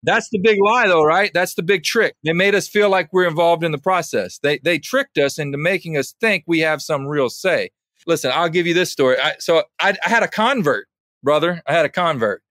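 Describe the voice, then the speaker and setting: Lively podcast guy, kinda high-pitched, super dry mic, tells stories and does little voices for people. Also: a little fast, no echo. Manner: animated storyteller, quotes others in lowered voice. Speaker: podcast guest, pitmaster. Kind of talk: casual podcast conversation.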